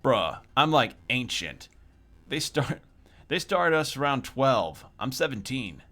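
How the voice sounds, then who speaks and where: A man's voice: medium pitch, very animated, slow, pushed and bright, full character voice. A man voicing a laid-back young male mechanic in a video game, drawling in casual slang and calling the listener little man. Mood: easygoing.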